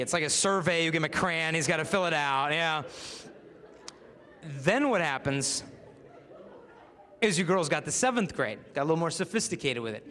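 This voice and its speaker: Animated storytelling man, higher voice. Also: moderate pace, long pauses. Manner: lively storyteller who acts out the people he quotes. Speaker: speaker. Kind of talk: public talk to a live audience. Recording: long reverb of a large hall.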